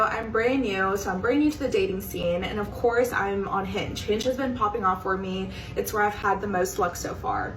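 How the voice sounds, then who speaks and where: A woman telling a casual dating story to camera in an excited, gushing way. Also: medium pitch. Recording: echoey room, distant mic.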